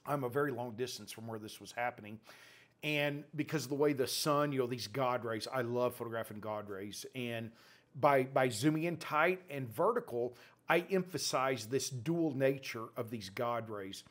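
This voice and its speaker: A man's voice: medium pitch, moderate pace, fairly bright tone. A man, a nature photographer from West Texas, teaching by walking through his own photos in a blunt, folksy, opinionated way. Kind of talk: casual talk to camera, walking through his images.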